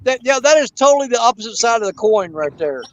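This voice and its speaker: A man's voice: very high-pitched, sing-song, fast talker, no room sound, muffled recording. A man chatting casually on a fishing live stream, telling stories animatedly and imitating gunshots. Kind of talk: casual chat. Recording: faint outdoor background noise.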